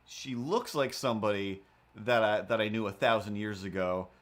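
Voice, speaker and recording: A man's voice: on the low side, moderate pace. A man in his forties casually telling an anecdote on a livestream, acting out voices as he goes. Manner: animated, acts out voices in anecdotes. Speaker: livestream host.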